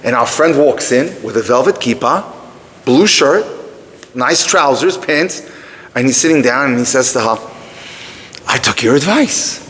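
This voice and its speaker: A man teaching through a story to a live audience, animated, breaking off to speak to the room. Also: mid-range voice, moderate pace. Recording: long reverb of a hall.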